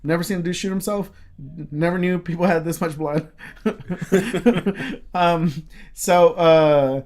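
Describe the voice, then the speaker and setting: A man's voice: sits high, takes it slowly, a little mellow. A man co-hosting a casual podcast, telling a long story with many fillers, restarts and swear words. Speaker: podcast co-host.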